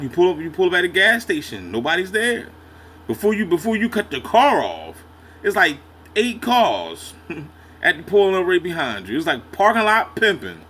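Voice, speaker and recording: A man hosts a reaction video, his voice sitting a touch high for a man. He talks loose and slangy, jumping in to agree and pressing his points with heavy emphasis. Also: fairly bright tone, a little hiss or hum. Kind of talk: casual reaction commentary.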